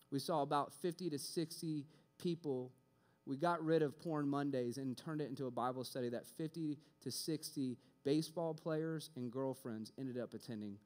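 A young man giving a sermon built on a personal story, animated, acting out both sides of conversations and often repeating words when excited. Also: mid-range voice. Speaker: preacher.

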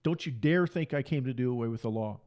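A man's voice: mid-range voice, fast, darkish tone. A man preaching a fiery sermon, emphatic and hammering his points through repetition. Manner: emphatic, repeats phrases for force.

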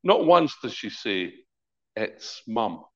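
A man's voice: on the low side, slow pace, muffled recording. A middle-aged man, a pastor, preaching a conversational sermon and acting out the voices in his stories. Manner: lively, conversational preaching with acted-out quotes.

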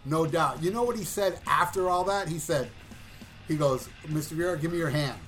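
Male co-host, high bright voice, profane animated storyteller, light music bed. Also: moderate pace. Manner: animated, profane, acts out voices and shouts at punchlines. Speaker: podcast co-host. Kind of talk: casual storytelling chat.

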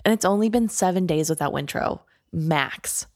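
This is a woman with a somewhat low voice co-hosting a book discussion. She chats casually, asks curious questions and turns playful at times. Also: normal speed, darkish tone, dry recording, studio quality. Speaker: book podcast co-host. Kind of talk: casual chat.

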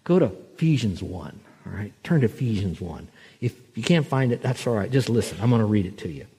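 A man pastor preaching a sermon, telling a story and slowing down to stress scripture. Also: lowish voice, animated, dark tone, slightly rough. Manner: storytelling, slows and swells for emphasis on scripture.

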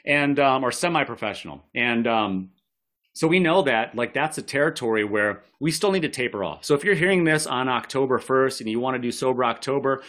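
A man's voice: medium pitch, animated, a little fast, a bit bright. A male podcast guest with a mid-range voice, chatting in a loose, rambling way. He restarts his sentences often and slips in jokes as he gives advice. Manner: rambling, self-correcting, jokey. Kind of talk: casual advice chat.

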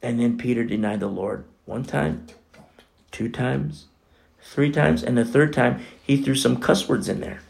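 A man preaching a sermon as pastor, animated and conversational, swinging between loud and hushed. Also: medium pitch, a little slow, gravelly. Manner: conversational, with many fillers like "you know" and "like".

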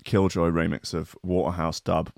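A man's voice: sits low, level tone, moderate pace, gravelly, a little mellow, no echo, studio quality. A man hosting a radio show, ranting sarcastically and swearing as he reads and mocks news stories. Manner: sweary, sarcastic rants with mock outrage. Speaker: radio host.

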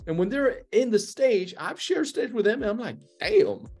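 A man's voice: high-pitched, expressive, normal speed, darkish tone, faint music behind. A man hosting a casual podcast chat, rambling and profane, laughing often as he asks questions.

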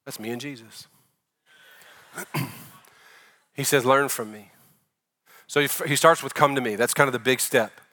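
A man in his forties preaching a sermon as pastor, talking to the congregation in a conversational way, swinging from loud emphatic lines to soft, quiet ones. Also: mid-range voice, steady tone, unhurried, long pauses.

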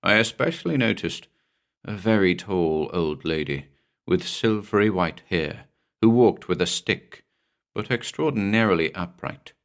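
Deep-voiced man reading a horror tale. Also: expressive. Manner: measured, somber reading. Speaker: narrator and podcast host. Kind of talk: scripted horror story narration.

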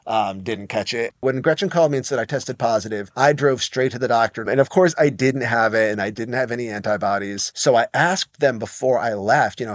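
A man's voice: mid-range voice, a little fast, few pauses, no room sound, clean studio sound. Rambling middle-aged male podcast guest. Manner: rambling, many fillers and restarts. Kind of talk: casual storytelling chat.

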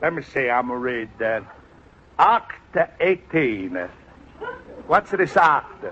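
A man's voice: medium pitch, lively intonation, takes it slowly. An actor playing a boastful, teasing older Italian man who speaks broken English with an Italian accent, in a 1940s radio sitcom. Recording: muffled old radio broadcast, hiss.

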